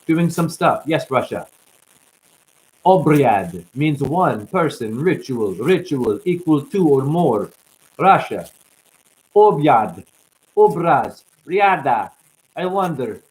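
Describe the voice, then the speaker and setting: A man hosting a loose livestream, talking in a preachy, rambling way. His voice jumps from loud bursts down to low mutters. Crackling static runs under the whole recording. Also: very animated, slow pace, pauses often. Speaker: livestream host.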